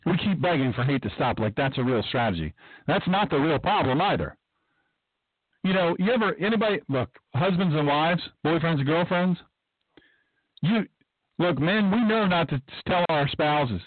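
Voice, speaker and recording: A man hosts a talk radio monologue in a somewhat high voice, pressing his points with emphasis and circling back to repeat them. The sound is thin and phone-like, with a dry, close quality and no room around it. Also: animated, normal speed, dry recording. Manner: emphatic, rambling, repeats himself. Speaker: podcast host.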